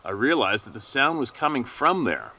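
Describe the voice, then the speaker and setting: A man hosting his channel, reading a submitted account aloud at a steady pace with small stumbles and self-corrections. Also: mid-range voice, moderate pace. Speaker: channel host reading a listener's story.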